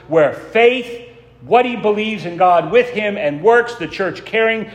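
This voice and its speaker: A man preaching a sermon as pastor, telling a story in a measured way and slowing down to stress key words. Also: high voice. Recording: long church reverb.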